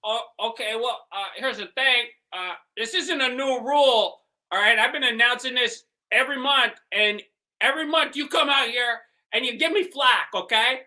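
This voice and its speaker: A man's voice: very high-pitched, normal speed, sharp tone, full character voice. A man voicing a flustered small-town mayor in an improvised comedy scene, pushy and blustering. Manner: blustering, pushy, tags lines with "huh".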